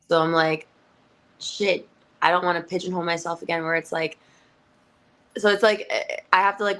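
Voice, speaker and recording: Lower-voiced woman chatting with laughs. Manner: animated, laughs often, many fillers. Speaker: guest, pro wrestler. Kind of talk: casual interview chat.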